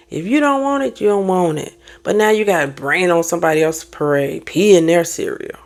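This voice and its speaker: A woman therapist and life coach giving animated, preachy advice in a casual motivational vlog, talking back to online commenters. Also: mid-range voice, fairly quick, few pauses. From United States.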